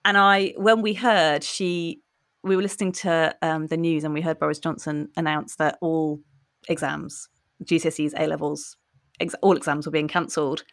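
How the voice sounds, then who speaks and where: A woman's voice: low-pitched, flat delivery, normal speed. A woman in her forties, talking reflectively and candidly in a podcast conversation.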